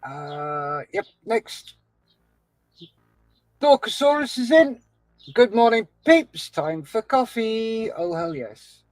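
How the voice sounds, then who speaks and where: A man's voice: high-pitched, big pitch swings, slow, long pauses, no room sound. A man co-hosting a casual livestream, cheerfully reading out chat comments and chatting with his guest. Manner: cheerful, reads chat comments aloud with laughs. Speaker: co-host reading live chat.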